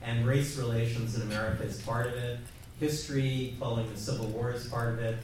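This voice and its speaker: A man, a newspaper journalist, asking a polite, slightly halting question at a press conference. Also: mid-range voice, steady tone, noisy background. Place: large press conference room. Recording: distant, echoey, with crowd.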